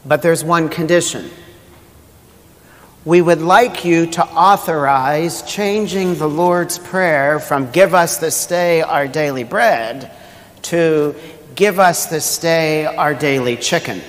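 A man's voice: fairly high pitch, slow pace. A pastor voicing a persuasive male corporate salesman in a joke, in a reverberant church hall. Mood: pleading.

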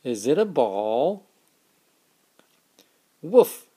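A father gently reading a picture book aloud to his young children, in a slow, expressive way. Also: mid-range voice, vocal fry.

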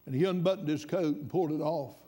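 High-voiced preacher in a fervent sermon. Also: male voice, quick pace, dark tone, husky. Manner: impassioned, rising to fervent high emphasis. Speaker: pastor. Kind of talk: sermon storytelling.

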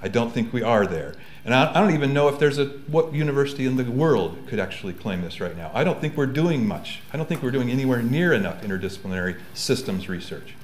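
A man's voice: mid-range voice, lively intonation, fast talker, hardly any pauses, a little hiss or hum. A man speaking on a university seminar panel in a conversational way, often correcting himself mid-sentence. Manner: conversational, frequent self-corrections. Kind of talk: seminar talk. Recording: echoey room.

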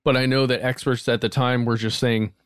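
A man's voice: mid-range voice, flat delivery, a little fast, smooth, no echo, clean studio sound. A man co-hosting a podcast, making his points in an earnest, hedging way with frequent restarts. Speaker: podcast co-host. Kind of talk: casual conversational discussion.

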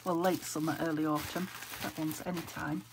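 A woman from England talks to herself over her craft papers. Her voice is low and gravelly, weak from a sore throat, and she often slips into a whisper. There is a noticeable hiss in the recording, and paper crinkles close by. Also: level tone, normal speed. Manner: chatty, thinking aloud, often dropping to a whisper. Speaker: craft vlogger. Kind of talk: casual chat while sorting craft papers. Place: craft room at home. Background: paper crinkling and clicks.

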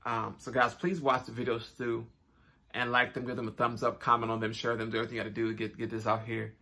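Upbeat gravelly young man vlogging. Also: mid-range voice, flat delivery, fast, sharp tone. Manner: chatty, upbeat, repeats phrases, informal slang. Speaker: YouTube channel host. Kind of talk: casual direct-to-camera vlog talk.

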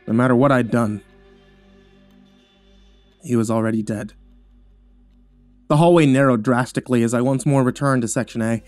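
Male horror narrator, somber, measured, dry close mic, faint music bed. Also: medium pitch, a little mellow, no echo. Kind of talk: scripted horror story narration.

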